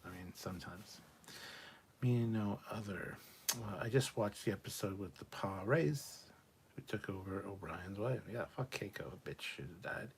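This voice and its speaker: Guy reading out chat on a live stream, kinda low voice, cusses a lot, mumbles asides. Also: normal speed, a little hiss or hum. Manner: blunt, sweary, muttering asides under his breath.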